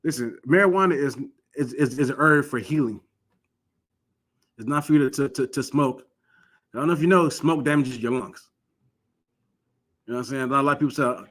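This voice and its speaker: A man's voice: mid-range voice, brisk, pauses often, a bit bright. A man from Michigan giving an informal, earnest class on religious law, urging listeners directly and often restarting his phrases. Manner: earnest, exhortative, frequent restarts. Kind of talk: informal scripture teaching.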